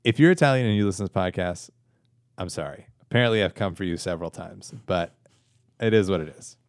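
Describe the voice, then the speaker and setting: A man's voice: sits low, fast, no echo, clean studio sound. A man co-hosting a sports podcast in casual chat, joking and teasing in a self-deprecating way. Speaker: podcast co-host.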